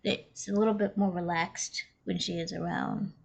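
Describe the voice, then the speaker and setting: A woman's voice: fairly low pitch, steady tone, moderate pace, gravelly, darkish tone, soft background music. A woman player in a tabletop game casually explaining how her character talks and acts.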